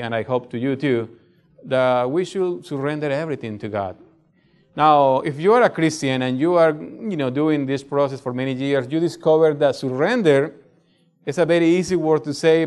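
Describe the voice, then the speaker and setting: A middle-aged pastor with a non-native English accent preaches a sermon conversationally, frequently checking in with "right?". His voice is fairly high but darkish in tone, clear and resonant.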